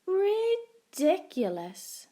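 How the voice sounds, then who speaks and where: A woman's voice: very high voice, huge pitch swings, extremely slow, warm tone, voice pushed up, heavily acted. A woman voicing a smug female cat who drawls and mocks in a storybook reading.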